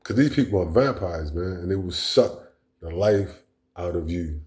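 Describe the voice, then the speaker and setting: A man's voice: deep voice, lively intonation, normal speed, a little mellow. A man delivering a blunt, profane, rambling monologue as a vlog host. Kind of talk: casual monologue rant.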